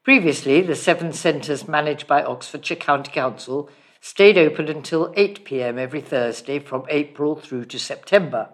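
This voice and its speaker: A newsreader delivering a local council story in a steady, clear reading style. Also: mid-range voice, moderate pace. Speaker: news reader. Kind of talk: read news bulletin.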